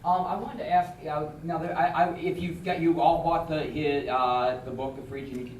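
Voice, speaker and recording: A man's voice: fairly high pitch, fairly even intonation, a little hiss or hum. A man in the audience asking a long question, stumbling and restarting often. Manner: halting with many restarts. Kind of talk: casual question. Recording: echoey hall from far off.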